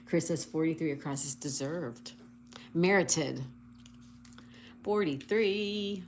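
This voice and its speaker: Slow, low-voiced woman livestreaming a crossword. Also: a little mellow, a little hiss or hum. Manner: slow, spells out crossword answers letter by letter. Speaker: livestream host. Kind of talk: casual livestream chat, reading viewer comments.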